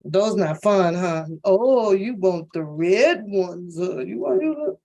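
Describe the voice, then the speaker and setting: A woman's voice: mid-range voice, expressive, slow, a little mellow. An older woman, a grandmother, playing with a toddler and teasing her with mock cries and dramatic complaints. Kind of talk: playful baby talk.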